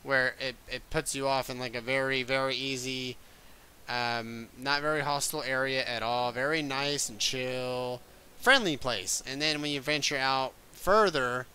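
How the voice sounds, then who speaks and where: A young man giving casual gameplay commentary, excitable, swearing often and yelping at scares. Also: medium pitch, clear, resonant tone. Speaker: gaming video creator.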